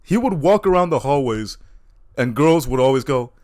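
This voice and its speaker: A man's voice: mid-range voice, expressive, normal speed, a little mellow. A man doing a stand-up comedy routine, telling crude, self-mocking stories.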